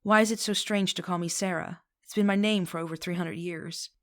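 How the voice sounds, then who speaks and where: A composed, centuries-old witch speaks in a measured, formal way, as a woman reads her lines aloud. Her voice sits low and stays steady and gently teasing. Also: lightly acted.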